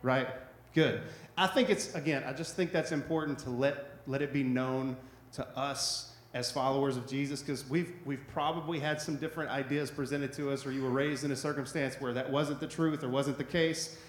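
A man's voice: medium pitch, steady tone, normal speed, roomy sound, a little hiss or hum. A man preaching a sermon in a loose, conversational way, often checking in with "right?". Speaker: pastor.

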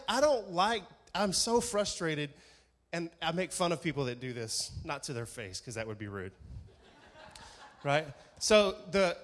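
Male pastor, fairly high voice, chatty, lively sermon style, long church reverb. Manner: conversational, energetic, asks the congregation "right?".

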